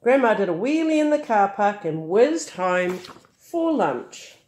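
A woman's voice: mid-range voice, big pitch swings, measured pace. Older woman reading a picture book aloud. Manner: chatty asides, gentle and amused. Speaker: storyteller.

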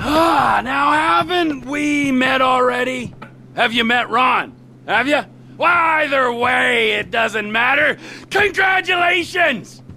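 An actor voicing a volatile, foul-mouthed, unhinged middle-aged criminal man in video game cutscene dialogue, swinging between snarling shouts and mocking hushed taunts. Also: very high voice, vocal fry, a little hiss or hum, heavily acted. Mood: manic.

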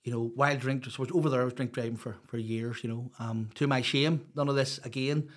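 In a casual storytelling interview, a Northern Irish man guesting on a podcast shares his life story a little fast, his mid-range voice steady in tone. He's rambling and open, constantly using "you know."

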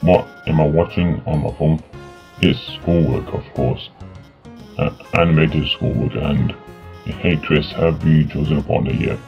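A man playing a video game and reading the characters' lines aloud in his own voice, halting and full of fillers, on a dull lo-fi mic. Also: rumbling low, creaky. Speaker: gaming YouTuber. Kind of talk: let's play, reading game dialogue aloud. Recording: dull lo-fi mic with faint music.

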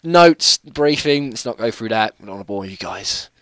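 Young guy chatting over his gameplay, bright voice, keeps saying sorry and yelping at the game. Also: fairly low pitch, lively intonation, normal speed, dry recording. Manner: chatty, apologetic, laughs and yelps at the game. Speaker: gaming channel host. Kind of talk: casual gameplay commentary.

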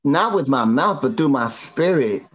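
A man's voice: medium pitch, expressive, unhurried, fairly bright tone, a little hiss or hum. Man telling his story, lo-fi sound. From Northern California. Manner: repetitive, slangy storyteller who restarts often. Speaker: guest giving a testimony. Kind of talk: emotional first-person storytelling.

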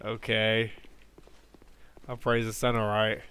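A man giving excitable let's play commentary, jumpy and quick to swear or squeal when scared. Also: lowish voice, clear, resonant tone. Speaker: gaming YouTuber.

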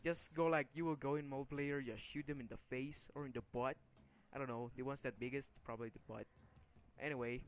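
A man's voice: mid-range voice, a little hiss or hum. Angry young man narrating gameplay. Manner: frustrated, swearing, easily angered outbursts. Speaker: gaming video creator. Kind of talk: gameplay commentary.

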